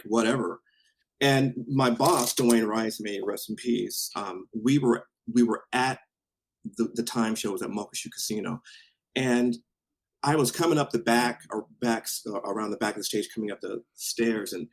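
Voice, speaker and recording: Husky-voiced man telling a story. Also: mid-range voice, low-quality recording. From Washington State, USA. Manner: animated, laughing, swears freely. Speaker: podcast guest, DJ. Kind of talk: casual storytelling.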